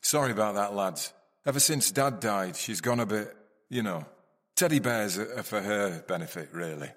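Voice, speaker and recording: A man's voice: fairly low pitch, normal speed. A man playing a weary, apologetic grown son. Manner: apologetic, calm, explaining. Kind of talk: comedy sketch acting.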